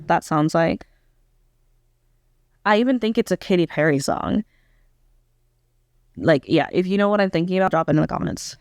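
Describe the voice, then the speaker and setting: This young woman's lowish voice has vocal fry, and she speaks at normal speed with long pauses as she reacts candidly to a pop album. Saying "um" and "like" a lot, she second-guesses her own opinions, recorded in studio quality without echo.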